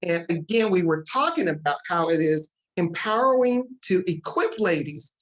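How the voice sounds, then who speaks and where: A woman hosting a talk show, excited and emotional as she introduces her guest. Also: fairly low pitch, rough recording. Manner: excited, fast-talking, emotional.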